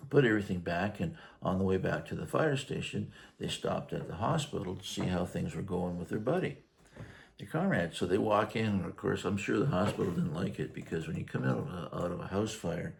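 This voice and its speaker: A man with a very deep, gravelly voice rambles through an old firehouse tale, pausing and restarting often. There is a faint hiss behind him. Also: lively intonation. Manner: rambling, halting storyteller. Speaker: retired firefighter co-host. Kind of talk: casual storytelling chat.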